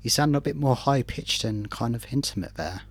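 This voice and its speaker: A man's voice: medium pitch, normal speed. A man, co-hosting a casual podcast in a dry, joking way. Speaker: podcast co-host.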